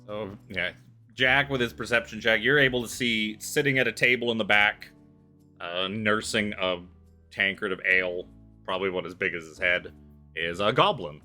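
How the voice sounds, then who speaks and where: A man narrating as game master of a tabletop game, relaxed and laughing easily. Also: lowish voice, normal speed, faint music behind. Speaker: dungeon master.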